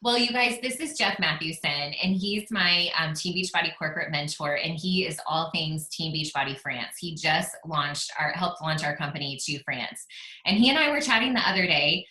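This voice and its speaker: Bright upbeat woman hosting a team call. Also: low voice, lively intonation, moderate pace, reverberant, poor audio. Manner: upbeat, laughs often. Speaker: team leader and call host. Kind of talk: team video call talk. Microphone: video call.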